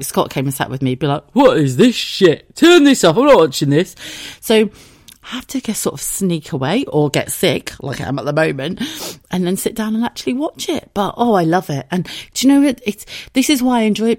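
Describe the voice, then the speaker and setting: A hoarse woman in her thirties chats on her own podcast, wandering from one thought to the next. She swears casually and laughs easily. Her voice sits at an ordinary pitch and is recorded close and dry. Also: a little mellow, no room sound. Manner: rambling, chatty, swears freely, laughs often. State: hoarse from tonsillitis. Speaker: podcast host. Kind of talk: casual solo podcast chat.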